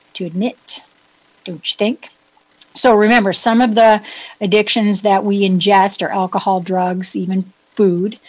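A woman's voice: mid-range voice, poor audio. A woman with a New England accent giving a chatty, upbeat wellness talk to her listeners, joking about herself and asking them questions. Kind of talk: casual solo talk to listeners.

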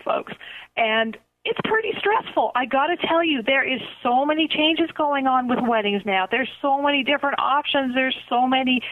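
Canadian lady radio host, middle-aged, super enthusiastic, sounds like it's over a phone line. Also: high voice. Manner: enthusiastic and gushing, addresses listeners directly. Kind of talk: upbeat radio chat with promotions. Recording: phone-line quality audio.

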